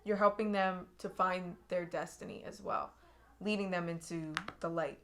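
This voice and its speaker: Speaking straight to her audience, a young tarot reader with a fairly low voice offers an earnest, emotional reading, looping back to repeat points and restarting sentences. Her tone is steady and fairly bright, her pace moderate, with slight background noise.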